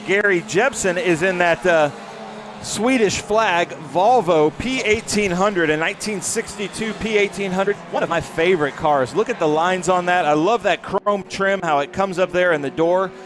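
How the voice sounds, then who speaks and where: High-voiced man calling a vintage race. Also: normal speed. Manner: enthusiastic, chatty, admires the cars. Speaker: race commentator. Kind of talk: live motorsport commentary. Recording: noisy trackside with engine sound.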